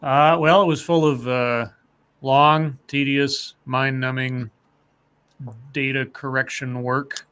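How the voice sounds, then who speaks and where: A man co-hosting a casual podcast chat, halting with fillers. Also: mid-range voice, level tone, a bit bright, clean tone. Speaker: co-host.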